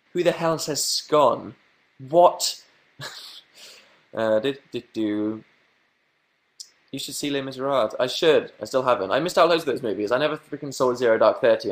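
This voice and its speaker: Young southern English man, self-mocking livestream host, medium pitch, playful and sing-songy, webcam at home. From southern England. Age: young adult. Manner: playful, self-mocking, bursts into silly sing-song noises. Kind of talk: casual livestream chat answering viewer questions.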